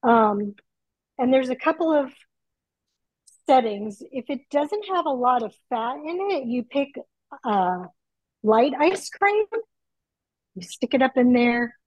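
A middle-aged woman chatting excitedly from her home kitchen over a video call, through earbuds. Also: sits high, slow, pauses often, no echo, low-quality recording. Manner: chatty, excitable, laughs easily. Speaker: guest.

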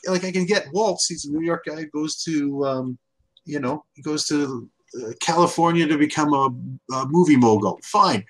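A man's voice: a little high, moderate pace. A man co-hosting a podcast in casual chat, argumentative, rambling and jokey. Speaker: podcast co-host.

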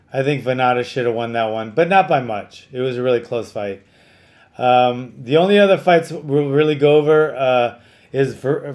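A middle-aged man hosting a podcast, telling stories in casual chat, animated and full of fillers and restarts. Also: medium pitch.

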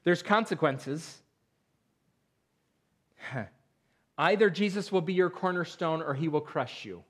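A man's voice: a little high, slow. A man, a pastor, preaching a sermon, reading scripture aloud with rising emphasis and explaining it in plain talk.

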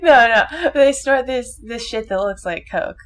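A woman's voice: on the high side, lively intonation, a little slow, a little hiss or hum. A young woman in casual chat, rambling animatedly through a movie plot, full of swearing and filler words.

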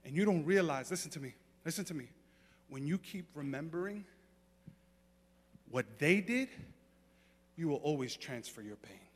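A male pastor preaching a sermon, moving from quiet talk to fervent shouting. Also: fairly high pitch, expressive, normal speed, pauses often, in a large hall. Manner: builds from quiet to shouting fervor.

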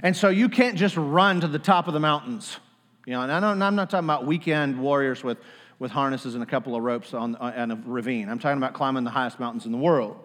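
A man preaching a sermon, animated, leading the congregation in call-and-response. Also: mid-range voice, fast, in a large hall. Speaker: pastor.

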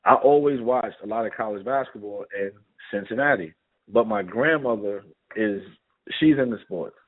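Heard through a tinny, phone-like line, a former basketball player, a middle-aged man with a New York accent, shares stories as a guest in a casual interview. He speaks at normal speed in a fairly low voice with a breathy edge, animatedly acting out the dialogue.

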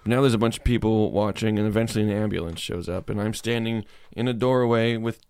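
A man, a comedian and podcast co-host, telling a story in casual chat, animated and acting out quotes. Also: on the low side, quick pace, clean tone, no echo. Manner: animated, acts out quotes, laughs often.

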